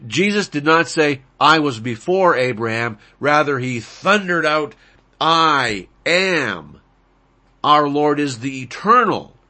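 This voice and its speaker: A male preacher works through a Bible passage at an unhurried pace. His voice is bright and forceful, and he lingers over Greek words before driving home the key declarations with emphasis. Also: mid-range voice. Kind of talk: sermon, expository Bible teaching.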